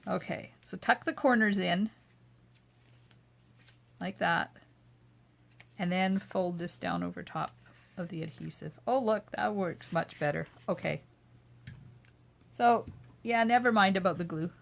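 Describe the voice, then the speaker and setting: Speaking a little slowly and pausing often, an older woman with a creaky, lowish voice hosts a live craft demo. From her home craft room she narrates each step as she works, chatting away and replying to viewer comments.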